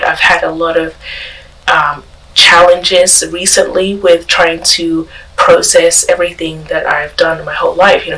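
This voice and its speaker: A woman's voice: lowish voice, gravelly, fairly bright tone, recorded from a distance, poor audio. A woman guest on a parish podcast, telling her faith story in a reflective way with many fillers and restarts.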